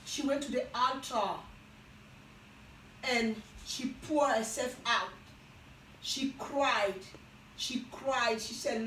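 A woman preaching a Bible teaching sermon, slow and emphatic, often repeating and restarting her phrases. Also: a little high, sharp tone, echoey room, distant mic, slight background noise, rough recording.

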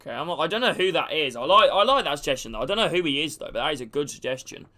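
A man's voice: a little high, lively intonation, rapid-fire, sharp tone. A man casually commentating a game stream, chatting with viewers and calling them by name. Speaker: gaming streamer.

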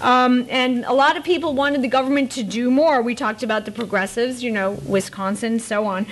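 A middle-aged woman giving a public lecture as an author, with a lively, wry, digressive manner and playful asides. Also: on the high side, moderate pace. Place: presidential library auditorium.

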